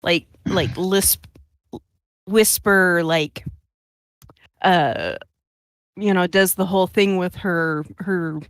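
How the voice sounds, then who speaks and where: A woman's voice: on the low side, slow pace, long pauses, no echo, clean studio sound. A woman playing a tabletop game, chatty and hedging as she describes actions. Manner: chatty, hedging with 'kind of' and 'like'. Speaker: player. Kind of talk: casual tabletop play.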